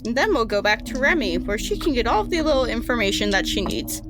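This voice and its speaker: A woman's voice: on the high side, sing-song, fast. A woman narrating as game master in a loose, casual way with frequent fillers and swearing. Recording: music playing behind.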